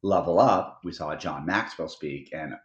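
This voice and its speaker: A man co-hosting a casual live morning show, talking in an animated, rambling way with frequent restarts. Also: low voice, unhurried. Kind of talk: casual chat. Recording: roomy, dull lo-fi livestream audio.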